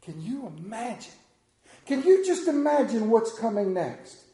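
Emotional preacher, lively high voice. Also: male voice, echoey room. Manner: emotional, halting, repeats words. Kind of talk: sermon.

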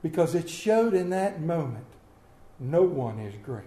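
A man preaching a sermon as pastor, impassioned and swinging from loud to hushed. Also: fairly high pitch, sing-song, a little slow. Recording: echoey church room.

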